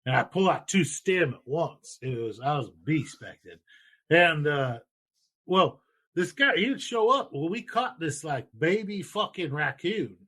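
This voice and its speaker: A man's voice: fairly high pitch, expressive, unhurried, sharp tone. A man in his thirties hosting a podcast, telling a story in a loose, profane, rambling way. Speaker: podcast host. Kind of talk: casual storytelling.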